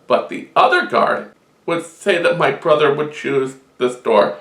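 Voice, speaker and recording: A man's voice: fairly high pitch, animated, measured pace, fairly bright tone. A man voicing a clever, smug young knight who explains his logic patiently. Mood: explaining. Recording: roomy echo.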